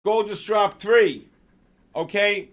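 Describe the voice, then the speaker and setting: A male trading show host delivers excitable live market commentary, exclaiming and calling out viewers by name. His voice is high and he takes it slowly.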